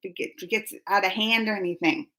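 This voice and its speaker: Reading viewer comments aloud on her reaction channel's live stream, this woman, an adult under 45, chats and giggles casually. She talks fast at a medium pitch, her tone steady and a bit bright.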